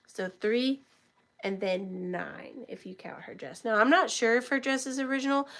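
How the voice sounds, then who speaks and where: During a live-stream auction from her home, a woman with a sore throat from talking speaks on the high side at a moderate pace, her voice creaky but fairly bright. She chats with viewers and greets them by name while showing each item.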